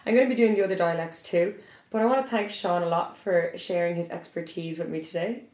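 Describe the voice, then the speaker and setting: A young Irish woman hosts a relaxed chat in a lively, easygoing way. Her voice sits on the low side for a woman. The sound carries the echo of a reflective room. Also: quick pace. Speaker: host. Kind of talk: casual chat. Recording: echoey room.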